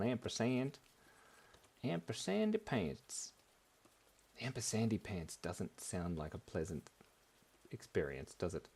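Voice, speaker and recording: A man leads a live drawing class for children, chattering as he sketches and playing with silly words. His pitch leaps up and down all over the place, while his pace stays slow and unhurried. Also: a bit bright. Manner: playful, goofy wordplay, talking while drawing.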